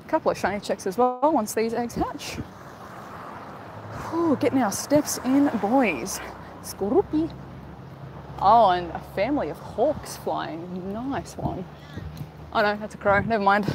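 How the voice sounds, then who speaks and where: A woman's voice: mid-range voice, noisy background. A young woman chatting casually on a live stream while walking outside, upbeat and talkative as she greets viewers. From Australia. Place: outdoors, walking.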